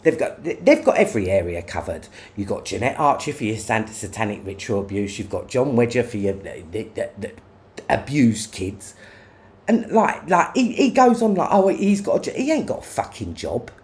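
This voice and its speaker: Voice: medium pitch, very animated, moderate pace, a little mellow. A person ranting angrily on a livestream, cursing and confronting others, tagging many lines with "yeah?". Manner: profane, confrontational, repeats "yeah?". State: angry. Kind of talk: angry livestream rant.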